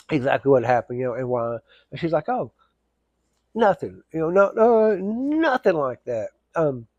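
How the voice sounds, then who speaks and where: A man's voice: a little high, darkish tone, no echo, highs cut off. A man telling a casual, rambling story, full of fillers and restarts.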